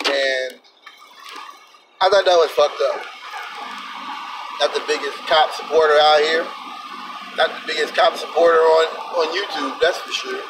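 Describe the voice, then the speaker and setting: A man's voice: fairly high pitch, far from the mic, background noise. A man vlogging an indignant, emphatic opinion rant with plenty of profanity. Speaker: vlogger, truck driver.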